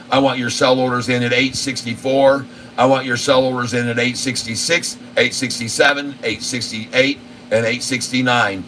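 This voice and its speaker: A man hosting a live stock market show, pressing his point again and again and reeling off long runs of price figures. His voice is bright and forward. He sits back from the mic, with a faint air conditioning hum underneath. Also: mid-range voice, far from the mic. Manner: insistent and repetitive, rattling off price lists. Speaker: channel host.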